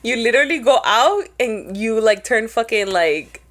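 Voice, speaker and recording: Animated bilingual woman co-host. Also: fairly high pitch, moderate pace. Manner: animated, swearing, playing out her dad's voice. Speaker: podcast co-host. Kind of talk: casual chat.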